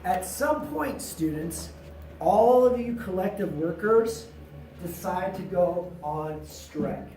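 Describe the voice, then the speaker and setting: A male teacher giving an animated, slangy classroom lecture, acting out little scenes with his students. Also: high voice, slow pace, slight background noise. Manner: animated, slangy, acts out quotes. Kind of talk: classroom lecture with role-play. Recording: echoey classroom from far off.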